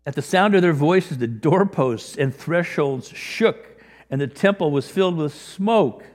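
A man preaching a sermon in a conversational way, growing animated as he acts out scripture. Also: on the high side, measured pace. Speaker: pastor. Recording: long reverb of a large hall.

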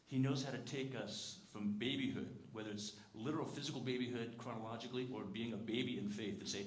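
A man preaching a sermon as pastor, earnest and emphatic, dropping soft and low on tender lines and telling stories with lively quoted voices. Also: fast, hardly any pauses. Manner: lively storytelling, putting on character voices in quotes. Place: church sanctuary. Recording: echoey church sanctuary with faint room noise.

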